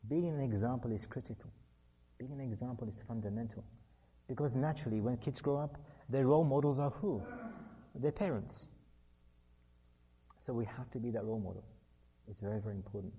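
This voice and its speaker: A middle-aged man delivers a religious lecture on parenting in an earnest, emphatic way, circling back to key phrases. His voice is mellow and a little husky, and sits at an ordinary male pitch. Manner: earnest, repetitive emphasis, acts out dialogue. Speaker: religious speaker.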